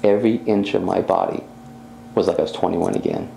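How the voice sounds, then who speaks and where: A man with a deep, gravelly voice and a dark, mellow tone tells his own story as a personal testimony. He acts out his own words as he recounts them. The sound is roomy and echoey, with a faint hum behind it. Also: brisk. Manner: animated storytelling, reenacting his own speech. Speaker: psychic medium.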